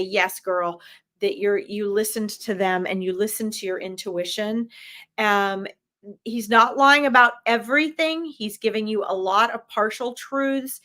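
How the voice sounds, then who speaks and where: A woman's voice: medium pitch, fairly bright tone. A woman giving live psychic medium readings, talking directly and emphatically, with frequent fillers and "okay?" check-ins.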